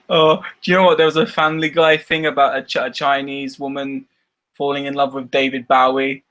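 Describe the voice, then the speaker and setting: A man's voice: mid-range voice, level tone, moderate pace, fairly bright tone. A Scottish man chatting casually on a live stream, rambling and laughing often. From Scotland. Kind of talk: casual chat.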